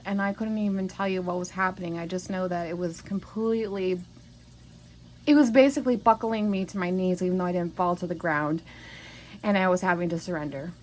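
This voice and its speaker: A woman's voice: mid-range voice, a little hiss or hum, rough recording. A woman recording a spoken journal at home, telling a story in a rambling, emotional way with many restarts. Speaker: vlogger.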